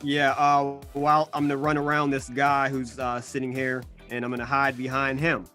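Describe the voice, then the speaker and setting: A man's voice: mid-range voice, completely flat delivery, moderate pace, pushed and bright, soft background music. A man playing a tabletop game, describing his moves in a hesitant way, full of fillers. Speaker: player. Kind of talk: casual tabletop game chat.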